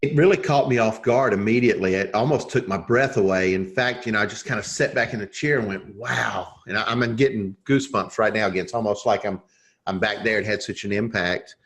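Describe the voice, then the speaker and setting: Earnest low-voiced man telling a story. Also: a little fast. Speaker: guest, leadership coach. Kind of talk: podcast interview storytelling.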